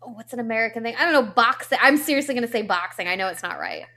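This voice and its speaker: A woman's voice: on the high side, expressive, very fast, sharp tone. A woman playing a trivia game, chatty and self-deprecating about her guesses. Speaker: trivia contestant. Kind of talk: casual game chat.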